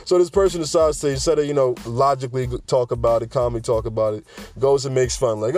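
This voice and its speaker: Rambling male podcast host, mid-pitched. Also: steady tone, fast, a little mellow, faint music behind. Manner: rambling, digressive, chuckles often. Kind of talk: casual podcast monologue.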